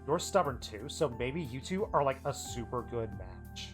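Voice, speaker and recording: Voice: mid-range voice, very animated, normal speed, faint music behind, natural voice. A streamer reading lines as a mischievous teenage girl mage who teases and jokes in a slangy way. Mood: teasing. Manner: playful and teasing, slangy.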